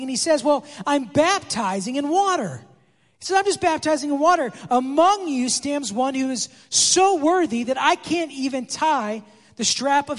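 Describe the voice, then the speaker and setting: A pastor preaching a conversational sermon, acting out quoted dialogue as he explains the text. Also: very high-pitched. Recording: long hall reverb.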